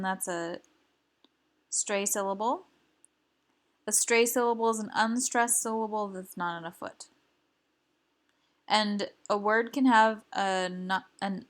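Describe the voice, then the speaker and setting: A woman teaching a recorded lesson, explaining slowly and carefully with some fillers. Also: mid-range voice. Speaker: language teacher.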